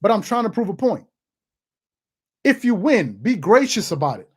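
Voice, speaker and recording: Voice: medium pitch, big pitch swings, moderate pace, slightly rough. A person in their thirties hosting a sports channel, giving emphatic opinion commentary and repeating points for emphasis. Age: 30s. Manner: emphatic and repetitive, hammering points home.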